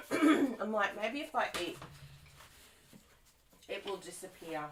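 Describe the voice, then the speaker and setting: A woman's voice: mid-range voice, sing-song, takes it slowly, background noise. A woman co-hosting a live craft stream, chatting playfully and laughing often, with a slight frog in her throat. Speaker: craft demonstrator co-host.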